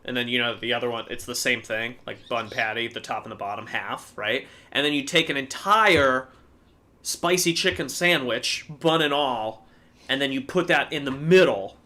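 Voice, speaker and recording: A man co-hosting a casual livestream, telling a story in an animated way and swearing freely. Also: mid-range voice, normal speed. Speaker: co-host.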